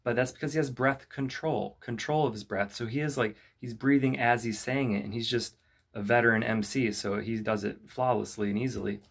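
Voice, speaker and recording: A young man who teaches rap at a youth club, explaining lyric writing in a relaxed, conversational way full of "you know" and "kinda". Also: mid-range voice, brisk, gravelly. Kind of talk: casual instructional talk to camera.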